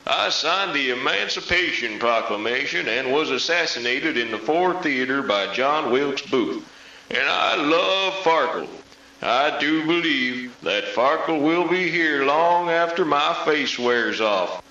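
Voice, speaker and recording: A man doing a slow, grave old statesman. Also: fairly high pitch, animated, roomy sound, exaggerated voice. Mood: mock-solemn. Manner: slow, grave, mock-dignified oration. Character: solemn old presidential statesman, pompous. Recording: lo-fi CD track over loud music.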